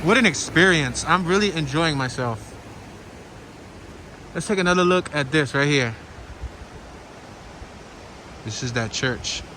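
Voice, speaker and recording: A talkative man with a Philadelphia accent and a slightly raised voice narrates as he walks a small-town street. He muses aloud to his viewers, and the camera mic picks up a loud stream and passing cars. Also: a little high, animated, a little slow, pauses often. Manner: chatty, thinks aloud and talks to viewers. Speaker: walking tour vlogger. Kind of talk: narrated walking tour. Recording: noisy outdoor walk with stream and traffic. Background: flowing stream and passing traffic.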